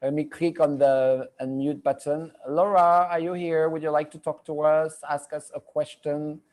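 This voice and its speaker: A man's voice: a little high, flat delivery, moderate pace, darkish tone. A middle-aged man with a French accent, hosting a live video-call show as a medium in a chatty, rambling way. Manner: chatty, rambling, repeats himself. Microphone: computer mic on a video call.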